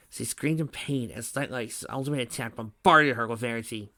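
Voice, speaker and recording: A man reading fan fiction aloud in a steady voice, with small slips and restarts. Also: medium pitch, moderate pace, dry recording, clean studio sound. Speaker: reader.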